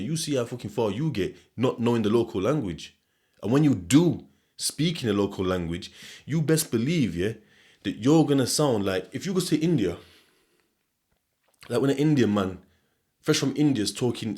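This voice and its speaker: A man's voice: mid-range voice, a little mellow. A young man with a broad Sheffield accent rambles through a loose, casual monologue on his podcast. He swears freely, laughs often, and keeps circling back on himself mid-thought. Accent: Sheffield English. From England. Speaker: podcast host.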